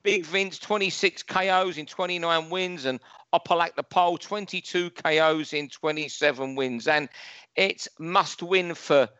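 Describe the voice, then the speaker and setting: London man, boxing pundit, fairly high voice, opinionated ranter; dull, dry recording. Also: measured pace, fairly bright tone, clean tone, dry recording. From London, England. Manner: chatty, ranting, opinionated. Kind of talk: casual podcast chat.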